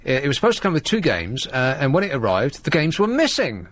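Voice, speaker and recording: A man hosting a late-night radio show, chatting and joking as he rambles through the stories. His pitch moves around a lot, lively and animated. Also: fast, no echo. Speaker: radio host. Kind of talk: casual radio chat.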